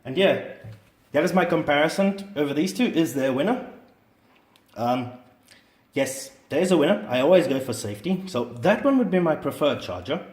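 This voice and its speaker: A man's voice: a little high, expressive, moderate pace, a little mellow, reverberant. A man hosting a casual hobby review vlog. He gives earnest warnings and repeats words for stress. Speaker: hobby channel host reviewing a drone charger.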